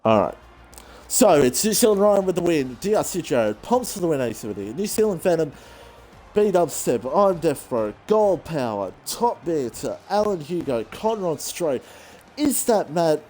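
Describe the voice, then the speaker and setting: A man giving rambling, excitable live commentary on an online racing league, saying he is out of breath. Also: on the high side, moderate pace, a little hiss or hum. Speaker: race commentator.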